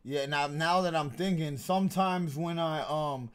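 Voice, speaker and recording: A man's voice: fairly high pitch, a little slow, a crowd in the background. A man in his thirties hosting a casual podcast, joking, slangy and asking his guests questions. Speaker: podcast host.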